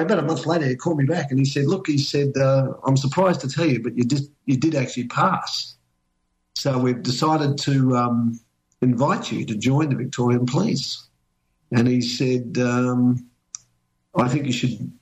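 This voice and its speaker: A man's voice: mid-range voice, a little mellow, poor audio. An older man with an Australian accent, telling long stories in casual chat, rambling with many fillers and restarts.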